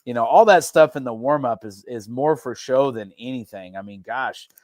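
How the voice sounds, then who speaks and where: A man, a head football coach talking casually on a podcast in a relaxed, rambling way with many restarts. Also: mid-range voice, normal speed, dry recording, clean studio sound.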